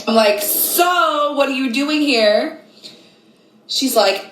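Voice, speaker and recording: A woman in her late twenties telling a story casually, animated and slangy, acting out what people said. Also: a little high, slow, roomy sound, a little hiss or hum, rough recording. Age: late 20s. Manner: animated, slangy, acts out quotes.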